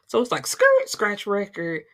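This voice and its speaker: A young woman casually recapping a book, chatty and profane, with animated storytelling. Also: lowish voice, a little slow. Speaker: book reviewer.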